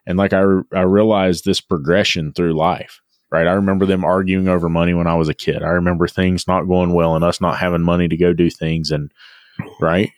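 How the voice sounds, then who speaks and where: A man's voice: deep voice, level tone, fairly quick, no room sound, clean studio sound. A man co-hosting a podcast, telling a long personal story in a reflective, repetitive way. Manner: reflective storytelling, repeats words as he thinks. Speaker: podcast co-host. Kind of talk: casual podcast chat.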